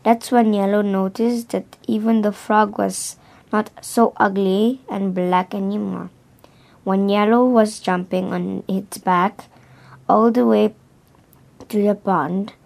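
A woman reads a children's storybook aloud at a very slow, careful pace. She often trips over words and starts them again. Her voice sits at an ordinary pitch. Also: gravelly. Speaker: reader.

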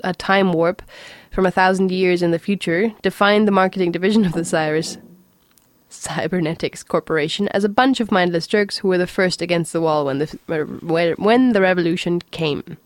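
A woman reading a novel aloud in a steady, unhurried way, with the odd stumble. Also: fairly low pitch, no echo. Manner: steady, unhurried storytelling with occasional slips. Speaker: reader.

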